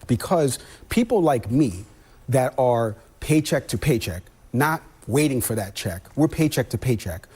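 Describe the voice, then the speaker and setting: A husky-voiced man arguing on a cable news panel. He talks earnestly in long stretches, restarting phrases as he goes. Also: mid-range voice, animated, measured pace, darkish tone. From New York. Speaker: TV panel commentator.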